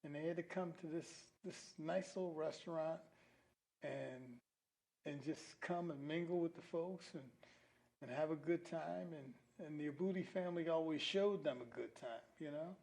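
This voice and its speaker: A man's voice: on the high side, normal speed, gravelly, a little mellow, low-quality recording. A man hosting a local-history talk show, rambling a little with fillers and restarts. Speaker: host. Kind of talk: casual local-history chat.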